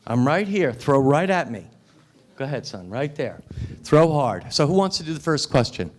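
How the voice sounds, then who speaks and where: Male motivational speaker, slightly high voice, animated, teasing the crowd. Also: normal speed. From United States. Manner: emphatic, repeats phrases for effect, teasing audience. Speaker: guest speaker. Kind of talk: motivational speech. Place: restaurant event room.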